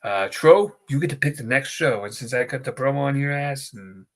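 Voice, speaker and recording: A man's voice: mid-range voice, lively intonation, fairly quick. A man co-hosting a wrestling podcast, chatting casually and telling rambling, jokey stories. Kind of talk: casual chat.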